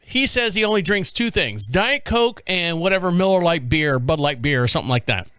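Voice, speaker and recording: A man with a fairly high voice hosts a podcast, rambling off the cuff and cursing casually as he reads and riffs. The sound is dry and close, with no room echo. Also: big pitch swings, fairly quick, bright, forceful tone, smooth. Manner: rambling, off-the-cuff, swears freely. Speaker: podcast host. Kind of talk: casual commentary.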